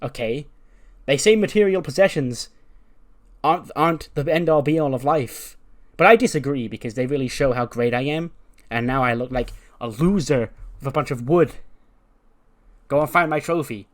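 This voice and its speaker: A man's voice: mid-range voice, brisk, a little mellow, close to an everyday voice. A man voicing a vain, spoiled female wrestler who whines about a stolen trophy. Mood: demanding.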